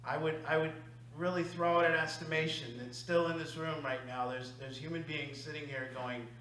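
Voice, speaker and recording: A man coaches a recovery group in an emphatic, confessional way. His voice is high and bright, and it swings between loud bursts and quiet, hushed stretches. The room is echoey, with a faint hum behind him. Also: steady tone, normal speed. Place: meeting room.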